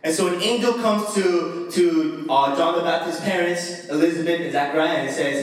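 A man's voice: fairly high pitch, normal speed, hardly any pauses. A young man preaching a casual, slangy sermon with laughing asides to a congregation. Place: church hall. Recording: echoey hall, mic far off.

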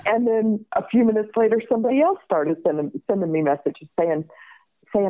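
Woman in her 50s telling a story on a phone call, lively, laughs a lot, tinny line. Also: mid-range voice, brisk. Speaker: guest, crime survivor. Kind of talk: personal storytelling in an interview.

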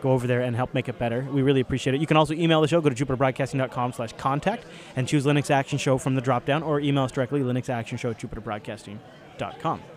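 A man's voice: medium pitch, fairly even intonation, very fast. A man hosting a podcast live from a tech convention, chatting loosely and joking around. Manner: joking, loose, laughs often. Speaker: podcast host. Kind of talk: casual live show banter.

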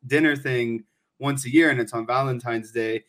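A man co-hosting a casual sports talk podcast, relaxed and rambling, with many fillers. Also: medium pitch, normal speed. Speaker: podcast co-host.

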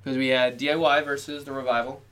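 A man's voice: medium pitch, flat delivery, quick pace, a bit bright, smooth. Rambling, self-mocking male podcast co-host. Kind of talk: casual chat.

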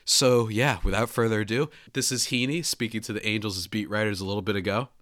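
A man hosting a casual podcast, talking in an animated, chatty way with frequent restarts on a close mic. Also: lowish voice, brisk, a little hiss or hum. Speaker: podcast host.

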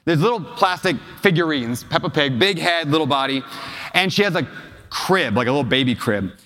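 A man's voice: fairly high pitch, expressive, a little fast, pushed and bright. A man giving a talk as a real estate investor, telling emotional personal stories to a live audience and asking them questions. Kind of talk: storytelling keynote to a live audience. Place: large hall with an audience. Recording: long hall reverb.

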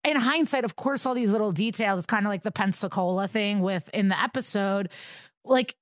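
A woman's voice: medium pitch, fairly quick, no room sound, studio quality. A woman co-hosting a podcast, retelling a true-crime case in a casual, profane way with laughs, acting out the people she quotes. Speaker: podcast co-host.

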